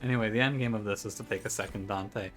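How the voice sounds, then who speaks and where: A man's voice: lowish voice, fairly even intonation, quick pace, fairly bright tone. Wry man commenting on his game run. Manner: wry, joking, mock trash-talk. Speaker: video game streamer. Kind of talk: gameplay commentary. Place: room at home by a window. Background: game music.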